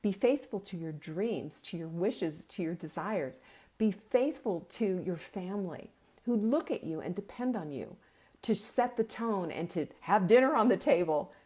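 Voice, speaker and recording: A woman's voice: mid-range voice, expressive, unhurried, mellow. A middle-aged woman hosting a live meal-planning show, giving an earnest, urging pep talk, at times tearful.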